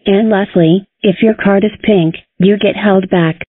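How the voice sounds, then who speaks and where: Cast a female text-to-speech voice as a strict cartoon teacher, mid-pitched, dry, tinny. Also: steady tone, a little slow, husky, dry recording. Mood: instructing. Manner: stern, scolding. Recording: tinny phone-like sound.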